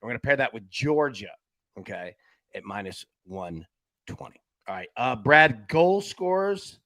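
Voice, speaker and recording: A man's voice: lowish voice, lively intonation, moderate pace, sharp tone, dry recording. A man hosting a live sports betting show, upbeat, rattling off picks and reading chat comments aloud.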